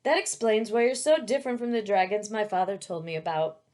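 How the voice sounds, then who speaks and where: Woman reading as a young girl, kind, brave, warm, reassuring, middle pitch, storybook. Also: lively intonation, brisk, natural voice.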